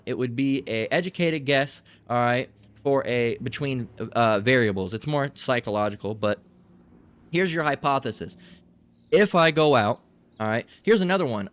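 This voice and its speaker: A man's voice: mid-range voice, a bit bright, dry recording. A man preaching in a blunt, profane, emphatic style, repeating himself and acting out quarrels.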